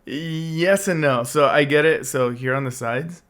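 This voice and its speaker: Podcast co-host, man in his 30s, hoarse, chatty, throat-clearing. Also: fairly high pitch, unhurried, a bit bright. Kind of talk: casual chat.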